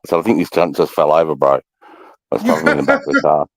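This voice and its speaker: An Australian man in his thirties telling rough army stories in casual chat, swearing constantly and loudly mimicking people. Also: extremely low pitch, steady tone, fast, dry recording. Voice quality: coarse, swears constantly, loud impersonations. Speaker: podcast co-host, ex-army instructor.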